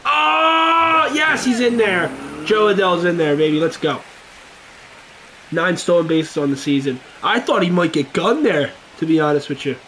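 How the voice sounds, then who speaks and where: A young man giving casual commentary over a baseball video game, getting loud and excited at big plays. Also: a little high, normal speed, a little hiss or hum. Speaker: gaming YouTuber.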